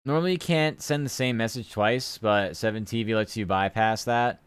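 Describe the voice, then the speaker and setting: A man's voice: on the low side, moderate pace, clear, resonant tone, dry recording, clean studio sound. A young man chatting casually on a live stream while he works, often muttering to himself.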